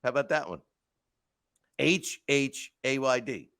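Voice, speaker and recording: A man hosting a podcast, talking through casual stories and rants in an animated way with lots of restarts. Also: mid-range voice, unhurried, dry recording. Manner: animated storytelling, frequent restarts and asides. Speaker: podcast host. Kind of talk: casual monologue.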